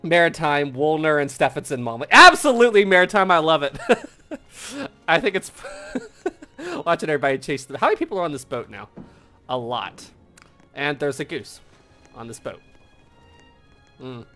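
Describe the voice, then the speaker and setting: A man's voice: a little high, big pitch swings, normal speed, long pauses, pushed and bright, faint music behind. A man hosting a live game stream, commenting playfully, laughing often and putting on theatrical farewells. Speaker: streamer and host.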